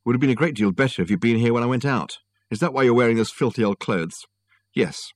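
Man doing a brisk tart woman voice, raised up higher than his own, dry and clipped. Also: dry recording, lightly acted. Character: brisk, sharp-tongued woman, tired but fond.

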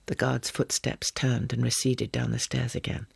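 A man's voice: mid-range voice, level tone, normal speed, vocal fry, slightly rough, no echo. Man reading an audiobook, dry and close. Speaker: narrator.

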